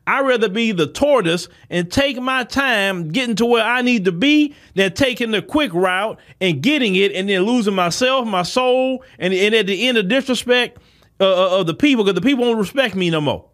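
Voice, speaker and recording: Man, high-pitched voice, heated preachy commentary, talks straight to listeners. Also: animated, moderate pace, fairly bright tone. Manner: preachy, repetitive, addresses listeners directly. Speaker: podcast host. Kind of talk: impassioned commentary monologue.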